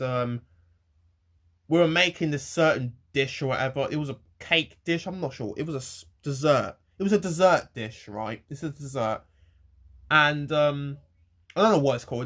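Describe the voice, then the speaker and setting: A young man ranting to camera in a rambling, halting way, swearing freely. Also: mid-range voice, fairly bright tone. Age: young adult. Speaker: vlogger. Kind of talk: casual rant to camera.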